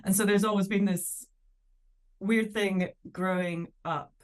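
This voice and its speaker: A Scottish woman in her thirties, a comedian chatting on a podcast with lively storytelling, laughing often and acting out quotes. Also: medium pitch, measured pace. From Scotland. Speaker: comedian guest. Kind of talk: casual podcast chat.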